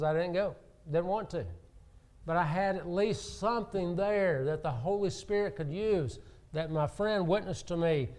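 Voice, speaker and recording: Earnest preacher man, slightly high voice. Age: adult with children. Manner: earnest, rises and falls for emphasis, acts out quoted speech. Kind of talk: sermon.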